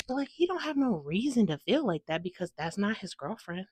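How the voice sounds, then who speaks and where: A young woman reviews a book in a loose, gushing ramble, full of "like" and casual swearing. Her voice is bright and forward, and she sounds a little tired. It is recorded dry and close, with no room sound. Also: on the low side, fairly quick, few pauses, no echo. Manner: gushing, rambling, excitable, swears freely, lots of "like". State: tired from no sleep.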